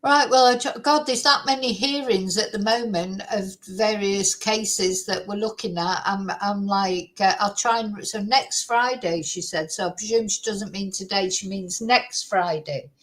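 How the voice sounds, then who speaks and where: A woman's voice: mid-range voice, unhurried, few pauses, a bit bright, rough recording. A woman hosting a true crime chat, ranting indignantly and swearing freely as she talks from her computer at home. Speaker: true crime channel host. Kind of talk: casual chat.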